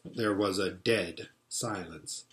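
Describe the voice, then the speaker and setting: A pastor reading a storybook aloud in an expressive, animated way, in a roomy-sounding space. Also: male voice, deep voice, takes it slowly. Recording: roomy echo.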